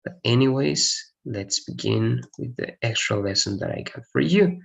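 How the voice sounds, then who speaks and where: A man's voice: mid-range voice, lively intonation, moderate pace, gravelly. A man teaching an English grammar lesson, explaining patiently, repeating examples and checking in with "all right?". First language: Spanish.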